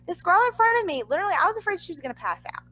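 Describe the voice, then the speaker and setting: A young woman chatting on a podcast as co-host, her voice high and bright. She tells a story with big swings in pitch and throws in exasperated asides. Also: sing-song, racing, rough recording. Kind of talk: casual podcast chat.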